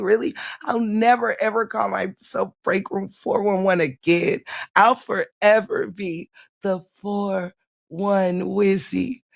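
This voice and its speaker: A woman streamer chats with her viewers in an unhurried drawl. Her voice carries a noticeable gravelly fry, and she talks in a gushing, theatrical, giggly way, playing up a mock-dramatic diary recital. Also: medium pitch. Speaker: live streamer. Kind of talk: casual live-stream chat.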